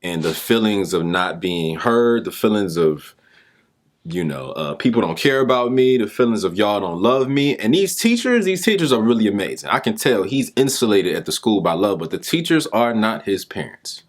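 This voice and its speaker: A young adult man giving a motivational talk, telling a story in an animated, informal way. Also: moderate pace. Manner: animated, informal, pitch jumps with emphasis. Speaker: speaker and mentor.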